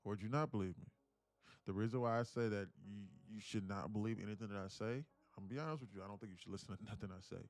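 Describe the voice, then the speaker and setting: A man's voice: fairly low pitch, darkish tone. A man day trader talking casually and bluntly on a live stream, rambling and laughing often.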